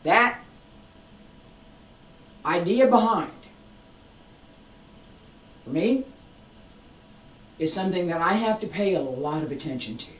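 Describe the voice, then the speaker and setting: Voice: medium pitch, animated, slow pace, pauses often, roomy sound, far from the mic, a little hiss or hum, rough recording. A martial arts instructor giving an unscripted teaching talk, emphatic and determined, repeating phrases for force.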